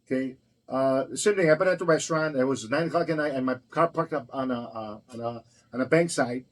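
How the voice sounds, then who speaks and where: A man's voice: mid-range voice, brisk, low-quality recording. A man who owns a restaurant, telling stories in a blunt, profane, heated way during a casual conversation. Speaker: restaurant owner. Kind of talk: casual storytelling.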